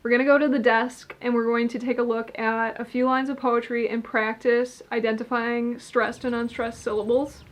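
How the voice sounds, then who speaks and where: A woman's voice: fairly high pitch, little pitch movement, normal speed, hardly any pauses. A young adult woman teaching poetry writing in an instructional video, explaining methodically step by step with the odd filler.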